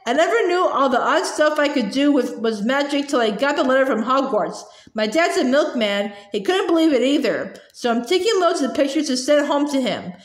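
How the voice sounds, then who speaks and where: Woman voices starstruck young schoolboy, breathless and eager; high, echoey storybook read. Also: expressive, normal speed, few pauses. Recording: roomy echo.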